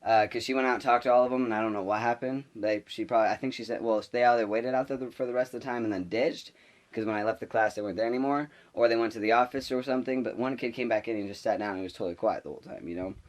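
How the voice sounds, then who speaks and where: A man's voice: medium pitch, fairly even intonation, rapid-fire. A young man vlogging, telling a school story in a rambling, exasperated way. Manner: rambling, exasperated, lots of fillers. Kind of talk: casual storytelling to camera.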